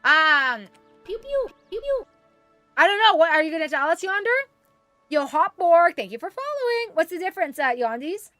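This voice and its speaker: A woman's voice: very high voice, very animated, moderate pace, sharp tone, dry recording, soft background music. A woman from Canada streaming live, chatting with viewers and cooing baby talk to her pet. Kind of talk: casual live-stream chat.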